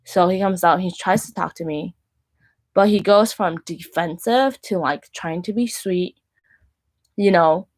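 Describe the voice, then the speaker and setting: A woman's voice: on the low side, unhurried. A woman in her thirties, a Christian minister, telling a personal story in a casual, rambling way, full of "like" and restarts. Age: 30s. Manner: rambling, filler-heavy with frequent "like" and restarts.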